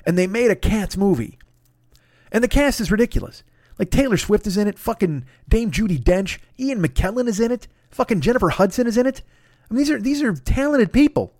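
A man's voice: sits high, lively intonation, a little fast, a little mellow, no room sound, clean studio sound. A man hosting his own podcast, ranting in a profane, sarcastic solo comedic monologue. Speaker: podcast host.

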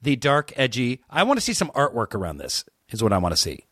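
A man in casual comedic podcast chat, playfully pitching absurd ideas. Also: huge pitch swings, brisk, fairly bright tone, slightly rough, dry recording, studio quality.

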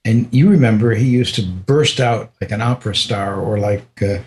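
An older man with a voice on the low side shares a personal story during an interview. He halts, restarts, and often lets his voice drop soft.

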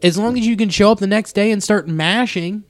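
Excitable man with a dry, close sound. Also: high voice, fairly quick, dry recording. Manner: excitable, swearing, says "like" a lot. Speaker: podcast co-host. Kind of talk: casual chat.

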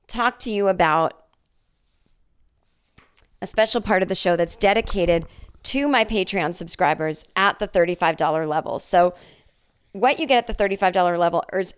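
Her voice sits on the low side with a clean tone, moving at a moderate pace broken by long pauses. She's a woman in her forties hosting a solo comedy podcast, chatty and jokey as she tells a fictional story with many acted-out voices.

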